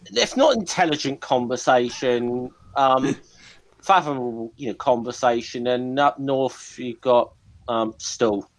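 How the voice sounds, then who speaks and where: A man's voice: medium pitch, measured pace, rough recording. A man from southern England chatting casually and teasing, often restarting and repeating words. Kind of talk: casual banter on a call.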